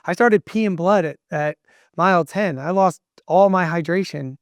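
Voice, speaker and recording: A man's voice: high-pitched, a little slow, dry recording, clean studio sound. A middle-aged man, a podcast guest, talking earnestly and emphatically like a motivational speaker. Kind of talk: casual interview talk.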